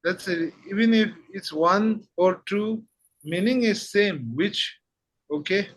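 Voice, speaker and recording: A male language teacher, moving at a very unhurried pace. His voice is bright and sits a little high for a man. He repeats short phrases and confirms with "that's it.". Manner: repeats phrases slowly, says "that's it" often. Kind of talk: slow patient language lesson.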